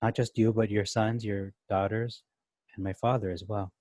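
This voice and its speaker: Low-voiced man explaining scripture. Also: little pitch movement, moderate pace, a little mellow, no room sound. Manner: thinks aloud, rereads and explains verses, many restarts. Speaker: Bible teacher. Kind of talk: casual Bible study commentary.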